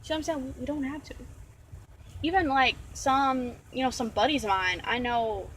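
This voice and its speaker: Woman with a fairly high voice ranting to camera, rambly and fed up, keeps repeating herself. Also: fairly even intonation, normal speed, slight background noise, rough recording. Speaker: vlogger. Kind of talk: casual vlog rant.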